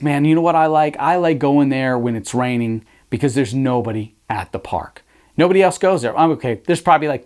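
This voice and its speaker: A man giving an energetic motivational talk at a live virtual event, coaching listeners directly and repeating phrases for emphasis. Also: on the high side. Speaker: motivational speaker.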